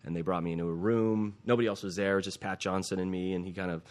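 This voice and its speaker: A man's voice: low voice, racing. A middle-aged man, an actor guest, telling a story in a casual interview and acting out quoted lines. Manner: animated, acts out quoted lines.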